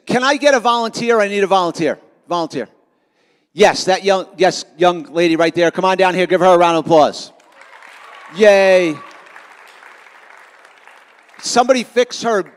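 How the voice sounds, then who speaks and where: A middle-aged man giving an energetic, self-mocking motivational talk to students at a school assembly. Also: high-pitched. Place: large school auditorium. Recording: long auditorium reverb.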